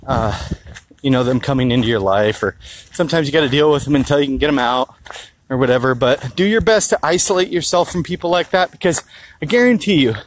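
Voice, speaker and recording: Holding his phone low, a health vlogger casually tells a story for his vlog, swearing and rambling a little fast in a medium-pitched voice. The rough recording picks up a bit of hiss or hum.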